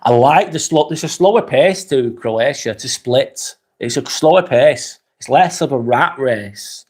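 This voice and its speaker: A man hosting a casual live vlog, reading viewer comments in a relaxed, chatty way and asking lots of questions. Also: medium pitch, measured pace. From England.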